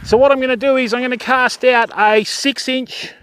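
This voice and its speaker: High-voiced Australian man chatting outdoors. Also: fairly even intonation, normal speed, fairly bright tone, clean tone, no echo. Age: older. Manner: chatty, greets viewers by name, explains as he goes. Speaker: fishing livestream host. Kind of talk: casual livestream chat. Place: beach outdoors.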